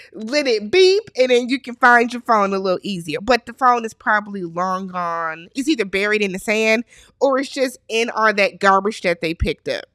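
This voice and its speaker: A woman's voice: a little high, sharp tone, no echo, clean studio sound. A woman hosting a casual TV recap, chatty and opinionated, acting out the characters' lines as she goes. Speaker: recap host.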